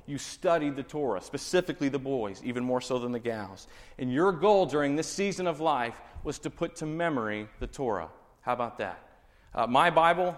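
A man's voice: mid-range voice, big-room sound. A man with a Texan accent, a pastor giving a conversational teaching sermon full of rhetorical questions. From Texas.

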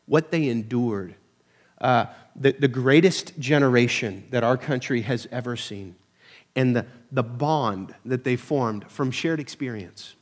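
A man preaching a casual, conversational sermon to his church, peppered with "uh" fillers and self-deprecating humor. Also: mid-range voice. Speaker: pastor.

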